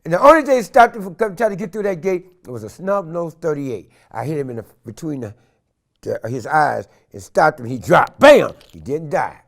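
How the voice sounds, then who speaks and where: Gravelly older man telling wild stories. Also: on the high side, lively intonation, brisk. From San Francisco, California. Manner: acts out the voices of people in his stories. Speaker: interview guest. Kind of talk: animated storytelling. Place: studio interview set.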